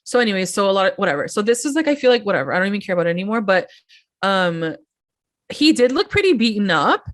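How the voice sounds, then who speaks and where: A woman's voice: medium pitch, very animated, quick pace. Chatty woman recapping reality TV. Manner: chatty, acts out quotes, many "like"s, laughs often. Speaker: podcast co-host. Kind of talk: casual pop-culture recap chat.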